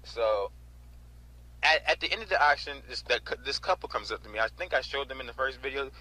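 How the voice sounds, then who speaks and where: A man in his twenties from North Carolina casually recounting a storage auction in an animated way, often adding "right?" and "you know?". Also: mid-range voice, a little fast, low-quality recording. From North Carolina, USA. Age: 20s. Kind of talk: casual storytelling vlog.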